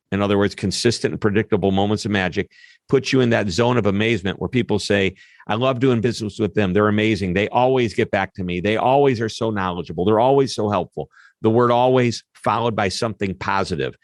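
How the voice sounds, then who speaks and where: A man, a guest expert on an interview, explaining his ideas in an animated way with quick asides. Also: on the low side, no echo, studio quality. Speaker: customer service expert guest. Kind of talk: interview answers.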